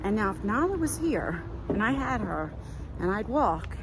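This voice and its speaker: A woman's voice: mid-range voice, sing-song, moderate pace, background noise. A middle-aged woman rambling casually as she vlogs on a walk outdoors, talking into a handheld phone. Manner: chatty, rambling, many fillers. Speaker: vlogger. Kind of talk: casual walk-and-talk vlog.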